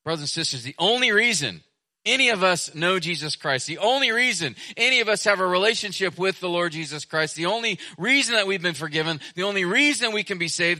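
A man preaching a sermon as pastor, emphatic, repeating his phrases and swinging between loud stretches and soft, hushed ones. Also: high voice, lively intonation, brisk.

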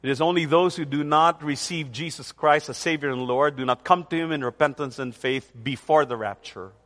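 A man preaching a sermon, working through a scripture passage in an emphatic way and slowing down to stress key phrases. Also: fairly high pitch, fairly bright tone. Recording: long hall reverb.

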